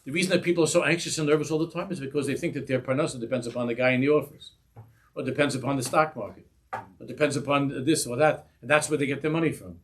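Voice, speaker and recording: A middle-aged man, a rabbi, giving an animated Torah class, acting out little dialogues and sprinkling in Yiddish and Hebrew words. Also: medium pitch, fast talker, slight background noise.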